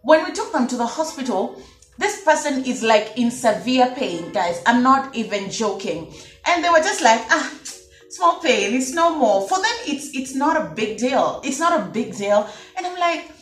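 A woman's voice: on the high side, sing-song, normal speed, echoey room, soft background music. A woman from Kenya talking casually to camera in an opinion vlog, emphatic and repeating her points to her viewers. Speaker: vlogger.

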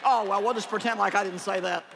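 A woman preaching a conference sermon in a large hall, animated and joking, and she calls out her key lines loudly. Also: medium pitch, quick pace, crowd noise, noisy background.

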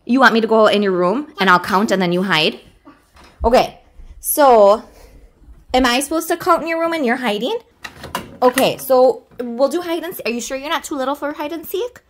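Her voice sits high at a normal speed, with slight background noise in the clip. She's a thirties mom in family kids' videos, babying her child during playful pretend play in a sing-song, exaggerated way.

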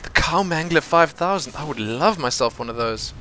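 Excitable gamer man, lively voice. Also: fairly high pitch, normal speed. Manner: excitable, chatty, laughs often, talks to teammates. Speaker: gamer commentating his own match. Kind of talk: casual gameplay commentary. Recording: noisy game audio under the voice.

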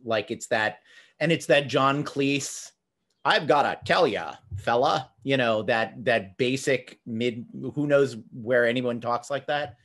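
A middle-aged man with a New Jersey accent hosts a relaxed podcast conversation. His voice sits at an ordinary middle pitch. He rambles a little and drops into wry asides. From New Jersey, USA. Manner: chatty, jokey, slips into quick impressions. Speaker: podcast host. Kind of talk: casual conversation.

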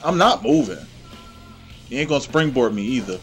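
A man hosting his own gameplay channel, giving excitable, trash-talking play-by-play commentary. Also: medium pitch, moderate pace, gravelly, long pauses, soft background music.

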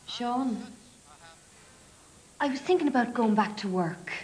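An actress with an Irish accent playing a mild, dutiful 1950s Irish housewife in a comedy sketch. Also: female voice, a little high, lively intonation, unhurried, roomy sound. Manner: mild, hesitant, quietly pleading. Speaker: sketch actor.

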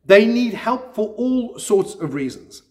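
A man with a notably high speaking voice delivers a sermon in a church. He preaches earnestly but mixes in gentle self-deprecating humor. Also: very animated, measured pace. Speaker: pastor.

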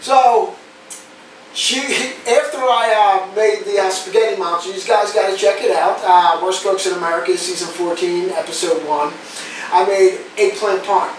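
Loud New guy, animated storyteller, a bit off the mic in a very echoey room. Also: high voice, moderate pace, recorded from a distance. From New Jersey. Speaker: podcast guest. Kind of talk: casual storytelling chat. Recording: roomy echo, off-mic, faint noise.

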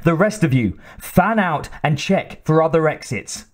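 A man voicing a wary, tough woman marine captain who barks shrill orders. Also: expressive, a little slow. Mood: commanding.

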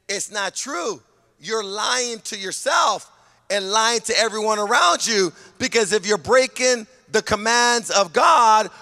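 A man from California, a pastor preaching a sermon with emphatic delivery that often rises to a shout. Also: high voice, long reverb tail. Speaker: senior pastor.

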